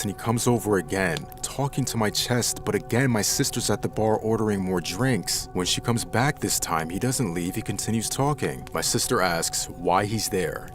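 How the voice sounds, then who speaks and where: A man narrating true scary stories in the first person, reading them dramatically. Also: fairly low pitch. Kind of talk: scripted horror story narration.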